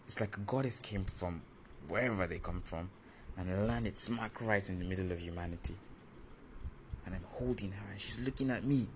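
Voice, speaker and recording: A man with a low voice recounts a personal story in the first person. He talks in an animated, confessional way and pokes fun at himself. Room ambience sits clearly behind him. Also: moderate pace, slight background noise. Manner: animated, confessional, self-mocking.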